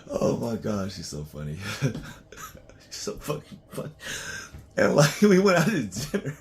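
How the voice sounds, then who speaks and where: A man's voice: medium pitch, wildly swooping pitch, unhurried. A man talking casually in a loose, profane, rambling monologue to his own channel, often breaking into laughs. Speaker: vlogger.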